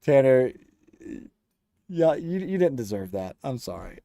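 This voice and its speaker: Joking man with a dark, dry voice. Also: medium pitch, very animated, measured pace, gravelly, dry recording. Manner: joking, teasing viewers, laughs often. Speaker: livestream host reading chat. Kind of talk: casual livestream chat.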